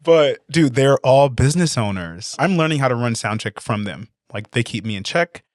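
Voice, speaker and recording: A man being interviewed as a company CEO, chatting casually and telling lively stories, acting out quoted voices and laughing often. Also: medium pitch, normal speed, dry recording, studio quality. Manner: animated storyteller, acts out quotes, laughs often.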